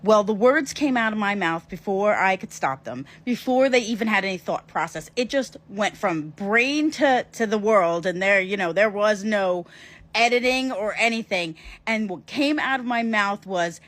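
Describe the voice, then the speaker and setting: A woman's voice: medium pitch, moderate pace. Woman telling a story to camera. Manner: lively, emphatic storytelling with asides. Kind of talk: casual story vlog.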